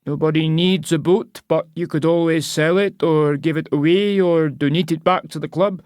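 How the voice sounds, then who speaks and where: A man doing a high, slow old raffle seller. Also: fairly even intonation, a little mellow, clear, resonant tone, no room sound, studio quality, lightly acted. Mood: wheedling. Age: older. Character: old local man selling raffle tickets, pushy.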